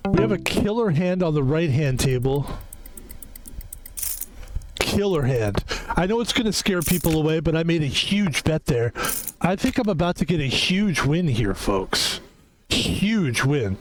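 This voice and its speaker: A man's voice: a little high, sing-song, a little slow, noisy background. A man casually commentating his own online poker game, rambling and correcting himself, with the odd swear word when he loses a hand. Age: adult. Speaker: gaming video host.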